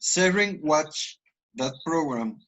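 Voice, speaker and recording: A man with a Spanish accent teaching English, explaining grammar and slowly modeling example sentences. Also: on the high side, expressive, fairly bright tone, muffled recording. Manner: switches between languages, slow deliberate model sentences. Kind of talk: online class, explaining grammar.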